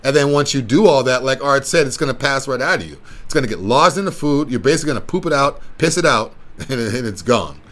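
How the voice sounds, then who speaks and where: A man's voice: mid-range voice, animated, fast, a bit bright. A man who runs a wellness clinic, talking casually and persuasively in a rambling, repetitive way and pushing his point again and again. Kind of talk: casual explanatory talk.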